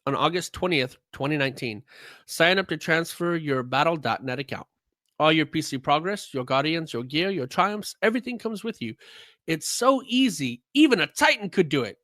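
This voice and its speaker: A man's voice: fairly high pitch, animated, moderate pace, bright, forceful tone, dry recording. A man hosting a casual gaming podcast, reading news notes aloud and joking. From United States. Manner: jokey, reads notes aloud with frequent laughs.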